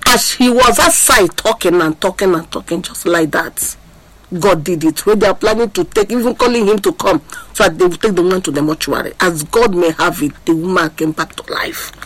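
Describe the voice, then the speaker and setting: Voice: medium pitch, a little fast, a bit bright, poor audio. A preacher gives a sermon, repeating refrains in a sing-song, impassioned way and asking the listeners whether they are hearing. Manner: asks the audience to listen.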